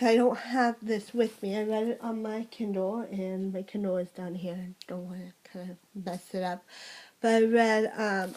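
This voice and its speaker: A woman's voice: a little high, darkish tone, poor audio. A young woman chatting casually through a monthly book wrap-up, rambling with lots of fillers and restarts. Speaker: book vlogger. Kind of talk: casual book review vlog.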